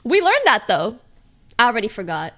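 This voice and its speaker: A woman's voice: on the high side, wildly swooping pitch, normal speed, a bit bright. A woman streamer chatting casually and playfully, laughing often and repeating practice phrases aloud. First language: English.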